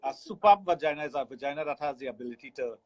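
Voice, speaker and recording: A man's voice: a little high, lively intonation, very fast, poor audio. A Trinidadian man hosting a radio show as a sexologist, explaining things frankly and laughing easily. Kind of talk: casual radio talk. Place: radio studio.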